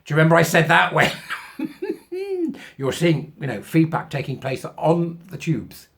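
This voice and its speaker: A man's voice: on the high side, wildly swooping pitch, unhurried, creaky, a bit bright. A man hosting his own channel, talking in a sarcastic, mocking way with frequent asides. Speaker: channel host. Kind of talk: casual commentary.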